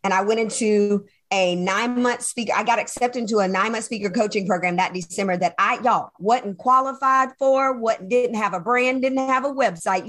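A woman who works as a speaker and coach tells her personal story as an interview guest, in an animated, emphatic way. Her voice is fairly high, and she acts out what people said while using many fillers and asides to the listener.

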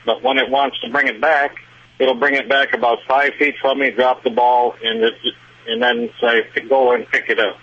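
A man's voice: mid-range voice, flat delivery, moderate pace, sharp tone. A man calling in to a radio show with a question, hesitant and friendly. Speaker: caller. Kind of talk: call-in question. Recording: muffled phone line.

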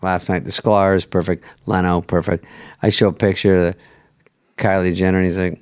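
A man's voice: deep voice, normal speed, clear, resonant tone, no echo, studio quality. A middle-aged man on a podcast, chatting casually and acting out quotes as he tells stories. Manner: animated storytelling, acts out quotes. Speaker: late-night host, guest.

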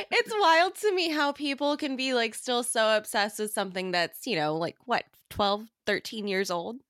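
A woman hosting a podcast, chatting in a relaxed, casual way, laughing often and swearing offhandedly. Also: a little high, moderate pace, no room sound, clean studio sound. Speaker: podcast host. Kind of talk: casual chat.

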